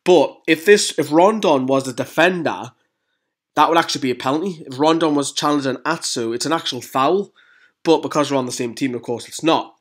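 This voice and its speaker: A man hosting a fan channel, chatting excitedly through goal replays in casual football analysis. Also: mid-range voice.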